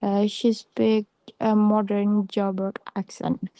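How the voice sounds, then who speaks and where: Slow, flat-voiced woman giving a class talk. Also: mid-range voice, no room sound, low-quality recording. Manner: hesitant, many fillers and restarts, reading notes. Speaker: student presenter. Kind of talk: class presentation.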